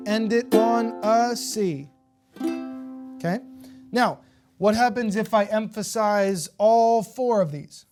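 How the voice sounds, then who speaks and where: A woman's voice: on the high side, slow, pauses often, over loud music. A woman teaching a beginner ukulele lesson, counting beats aloud and checking in patiently with her students. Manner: patient, encouraging, checks in with "okay?" often.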